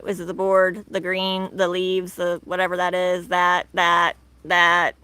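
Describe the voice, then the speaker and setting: A woman's voice: fairly low pitch, monotone, unhurried, sharp tone, clean tone, no room sound. A woman in her thirties rambling casually on a live stream from her backyard, laughing often and leaning on fillers. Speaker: live stream host, tortoise owner. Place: outdoors in a backyard.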